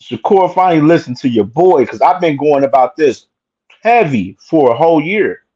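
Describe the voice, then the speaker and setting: A man's voice: on the high side, very animated, normal speed, mellow, husky, dull audio. A young man hosting his own show, giving casual, opinionated commentary in an emphatic, repetitive way with slang and swearing. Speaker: boxing commentary host.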